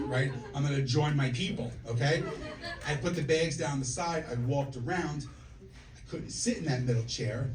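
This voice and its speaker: Brash profane stand-up comic man. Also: mid-range voice. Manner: brash, profane, punchy storytelling to the crowd. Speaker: stand-up comedian. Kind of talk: stand-up comedy set. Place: comedy club stage. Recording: echoey club from a distance, audience laughter. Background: audience laughing.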